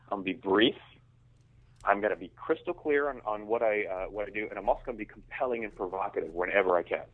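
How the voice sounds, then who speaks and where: A man's voice: lowish voice, fast. Male guest heard over a thin, phone-like line, emphatic and self-restarting. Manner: emphatic, repeats words when starting sentences. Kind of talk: conversational business interview.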